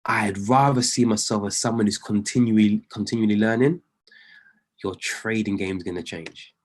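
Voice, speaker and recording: On a live video call, a trading coach gives a motivational talk, earnest and encouraging, repeating phrases for emphasis. He swings between loud pleading and hushed near-whispers, with a fairly low pitch, fairly even intonation, and normal speed.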